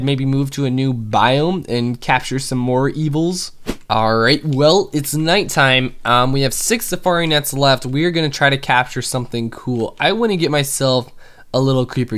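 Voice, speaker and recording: Excitable young man narrating gameplay. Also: medium pitch. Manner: excitable, chatty, with frequent fillers. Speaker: gaming YouTuber. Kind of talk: casual gameplay commentary.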